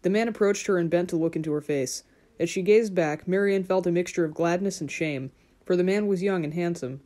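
A woman narrating a fairy-tale audiobook in a measured, gentle storytelling manner. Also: on the low side.

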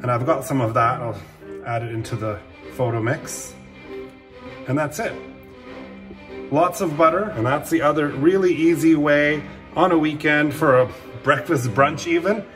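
A man with a fairly high voice hosts a casual cooking demonstration. He chats along in a relaxed way, sprinkling in filler words as he goes. The sound bounces around an echoey room, with soft music underneath. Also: unhurried, long pauses. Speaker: cooking channel host.

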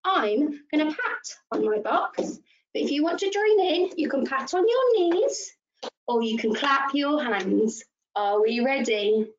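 A woman leading a children's story session, talking to toddlers in an animated sing-song way, gasping with delight and coaxing them to join in. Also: high-pitched, dull audio. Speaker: early years practitioner.

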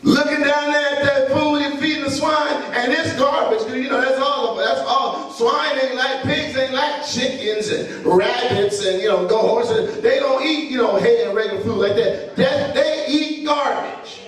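Preacher in an echoey church. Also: male voice, extremely high pitch, moderate pace, hardly any pauses, fairly bright tone. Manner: call-and-response preaching, acting out characters in the story. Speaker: pastor. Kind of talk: sermon. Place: large church sanctuary. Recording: echoey church sound from far off.

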